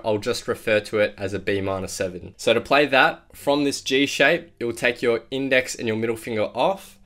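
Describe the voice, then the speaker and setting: A man giving a step-by-step guitar lesson, explaining chord shapes and counting out strumming patterns beat by beat. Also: on the low side. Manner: clear step-by-step instruction, counting beats aloud. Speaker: guitar teacher. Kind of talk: guitar tutorial. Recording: loud acoustic guitar under the voice. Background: acoustic guitar playing.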